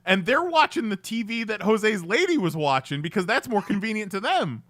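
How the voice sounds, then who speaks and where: A man with a high, bright voice tells a story in casual podcast chat, recorded dry and close. He speaks in a wry, self-deprecating way. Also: sing-song, moderate pace, dry recording.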